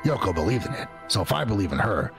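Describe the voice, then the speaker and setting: A man voicing a gruff, determined young man in a game, with a low, gravelly, brooding put-on growl and game music behind. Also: big pitch swings, fast talker. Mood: grim. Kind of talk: voicing game dialogue in a let's play.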